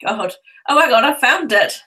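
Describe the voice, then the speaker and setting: A woman's voice: fairly high pitch, expressive, normal speed, bright, forceful tone, poor audio. A woman co-hosting a live stream from home, friendly, reading out viewers' names in casual chat.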